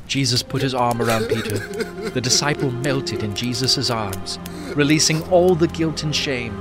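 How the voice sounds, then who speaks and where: Brief: earnest male narrator of a Bible story, steady delivery over music. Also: mid-range voice, moderate pace.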